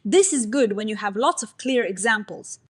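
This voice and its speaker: A woman narrating a scripted science explainer in a clear, even, explanatory way. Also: medium pitch, moderate pace.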